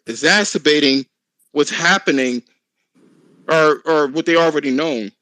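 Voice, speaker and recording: A man hosting a casual podcast chat, talking in an animated, profane, ranting way. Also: on the high side, measured pace, long pauses, no echo, low-quality recording.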